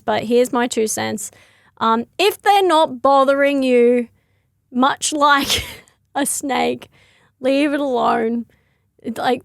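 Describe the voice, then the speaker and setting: Brief: young female comic, high voice with vocal fry, rambling and giggly, dry close sound. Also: no echo. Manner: rambling, giggly, lots of "like" and self-corrections. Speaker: comedian. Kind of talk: casual comedic monologue.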